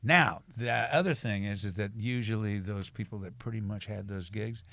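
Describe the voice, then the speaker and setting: A man's voice: on the low side, moderate pace, gravelly, a bit bright, no room sound. A man telling stories about his music career in a casual chat, often mimicking the people he quotes. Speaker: guest musician.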